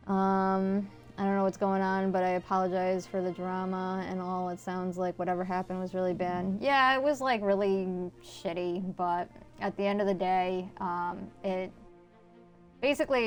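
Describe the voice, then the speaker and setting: A woman's voice: mid-range voice, fairly even intonation, unhurried, faint music behind. A woman game streamer chatting casually with her viewers while she plays, blunt and swearing freely. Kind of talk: casual live-stream chat.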